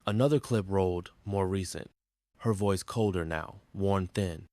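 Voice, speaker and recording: Low male narrator, grim and measured, dry close recording. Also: fairly even intonation, a little mellow, no echo. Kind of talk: scripted story narration.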